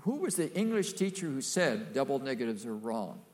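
A man's voice: mid-range voice, very animated, moderate pace, darkish tone. An older man preaching a sermon, folksy and emphatic, with playful asides to the congregation.

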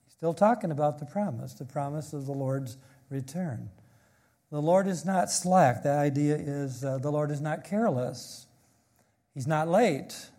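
Male preacher with a warm, fairly high voice, emphatic in teaching from scripture. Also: measured pace. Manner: emphatic, reads scripture aloud and explains it. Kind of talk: expository sermon.

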